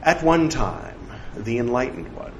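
A man reading scripture aloud, saying the quotes and punctuation out loud and breaking off for chatty side remarks. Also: mid-range voice, big pitch swings, measured pace. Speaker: scripture reader. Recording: echoey room with faint background noise.

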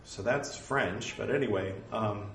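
Casual low-voiced Californian man, rambling and self-mocking, off-mic in an echoey room. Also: unhurried, fairly bright tone, far from the mic, slight background noise. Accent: Californian American. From California, United States. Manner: rambling, self-deprecating, jokey. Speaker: host reading a religious text. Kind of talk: casual spoken aside.

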